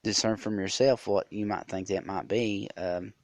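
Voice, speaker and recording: A man's voice: lowish voice, steady tone, moderate pace, dry recording. A man hosting a podcast, telling a rambling story with many fillers and restarts. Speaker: podcast host. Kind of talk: casual storytelling monologue.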